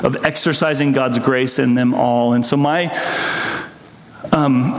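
A man's voice: medium pitch, steady tone, a little slow, slight background noise. Earnest male pastor in echoing hall. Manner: earnest, emotional testimony with rising intensity. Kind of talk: sermon. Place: church sanctuary. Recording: echoey hall with long reverb.

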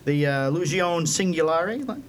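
A man co-hosting a podcast, chatting casually and joking with quick remarks. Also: on the high side, animated, a little hiss or hum. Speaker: podcast co-host. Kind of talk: casual chat.

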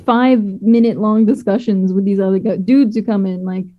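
Casual woman podcaster, animated and swearing, slightly dull sound. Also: mid-range voice, moderate pace. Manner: animated, swears and laughs often. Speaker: podcast co-host. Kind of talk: casual chat.

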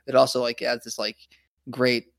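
A man's voice: medium pitch, completely flat delivery, moderate pace, vocal fry, no room sound. Enthusiastic man thinking aloud on a podcast. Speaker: podcast co-host. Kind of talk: casual chat.

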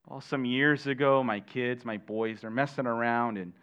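A middle-aged man preaching a sermon as pastor, animated, questioning his listeners and adding jokey asides. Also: mid-range voice, moderate pace, clear, resonant tone. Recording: dull lo-fi sermon recording.

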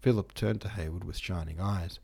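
A male podcast host calmly narrating a classic novel as an audiobook reading. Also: deep voice, a little fast, creaky, slightly rough.

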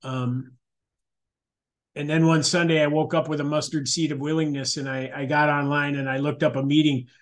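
A middle-aged man gives a personal testimony at a support meeting. His voice sits a little high for a man, and he talks in a candid, conversational way, circling back and restarting his sentences. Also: little pitch movement, normal speed. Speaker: meeting speaker sharing recovery story.

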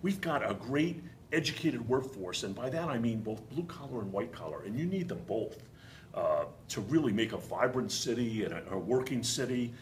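A man's voice: mid-range voice, expressive, moderate pace, slight background noise. Man with a thick Boston accent. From Boston, USA. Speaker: whiskey company founder, guest. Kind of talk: casual interview talk.

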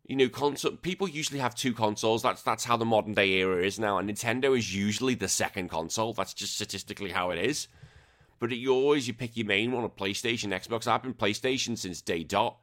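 A man's voice: mid-range voice, brisk, fairly bright tone. A British man hosting a gaming podcast, ranting bluntly and emphatically with frequent swearing. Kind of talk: opinionated podcast rant.

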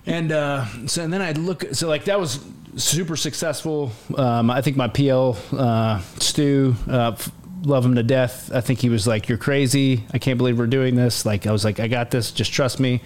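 This podcast guest, an army command sergeant major in his forties, shares a war story in a casual interview at a moderate pace. His voice is mid-range, and his delivery is animated, full of acted-out quotes, fillers, and restarts.

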